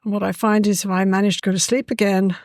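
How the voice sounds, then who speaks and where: A woman tells stories in a lively, chatty way and often says "you know." Her voice sits at an ordinary middle pitch. The recording is dry and close, with almost no room sound. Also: fast talker, no echo. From England. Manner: lively, warm-hearted, with a frequent "you know". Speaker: guest. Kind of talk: casual conversational storytelling.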